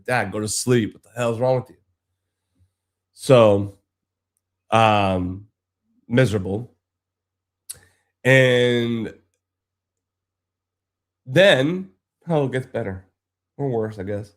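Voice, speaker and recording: A man casually telling a long, frustrated story on a live stream, rambling and swearing freely. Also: on the low side.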